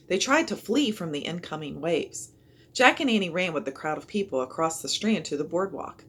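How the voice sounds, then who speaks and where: A woman reading a children's chapter book aloud in an expressive storytelling manner. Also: lowish voice, breathy edge. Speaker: reader.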